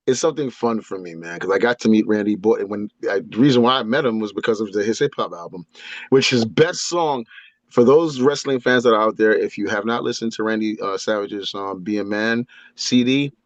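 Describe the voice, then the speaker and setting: Man, guest, lively anecdotes, impression-prone, lo-fi, dry. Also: on the low side, fairly quick, no room sound. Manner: animated, breaks into impressions. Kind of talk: casual storytelling.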